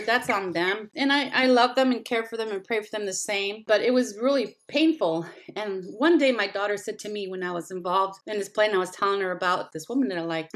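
A middle-aged woman telling a heartfelt personal story as a guest in a conversation, acting out quoted dialogue with animation. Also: medium pitch. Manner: earnest, heartfelt, animated when retelling dialogue.

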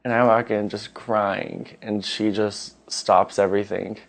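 A young man from Washington State with a fairly low voice tells a personal story in an easygoing way. He talks casually, with the odd "um" and restart. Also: measured pace, gravelly. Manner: relaxed, conversational, with fillers. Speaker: storyteller sharing a coming-out story.

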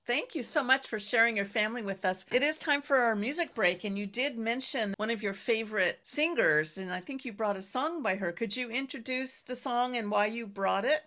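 Woman co-host, bright tense tone, gracious segues. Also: on the high side, moderate pace, hardly any pauses. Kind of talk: interview hosting.

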